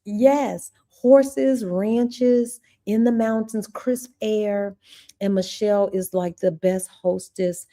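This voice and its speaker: A woman hosts a casual livestream, chatting warmly and effusively with her viewers. Her voice has a mellow, relaxed tone at a middle pitch, and she keeps an easy, talkative rhythm as she addresses the audience directly. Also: slow pace. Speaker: channel host; former teacher.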